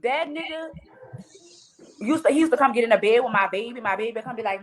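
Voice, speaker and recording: A woman's voice: a little high, fast talker, a bit bright, a little hiss or hum. A woman with a New Orleans accent, a podcast guest telling stories in casual chat, blunt and full of cursing. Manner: blunt, profane storytelling.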